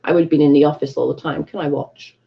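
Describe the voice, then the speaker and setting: Her voice is low-pitched, creaky, and steady in tone, delivered fast, with the highs cut off in the recording. This British woman hosts a casual bedroom livestream, chatting, swearing freely, and reading out viewer comments.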